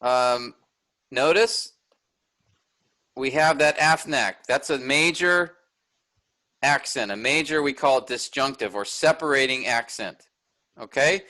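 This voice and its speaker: A man's voice: mid-range voice, takes it slowly, pauses often, pushed and bright. A middle-aged man teaching a class, explaining step by step and often checking in with "all right?". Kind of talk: recorded lecture with screen sharing.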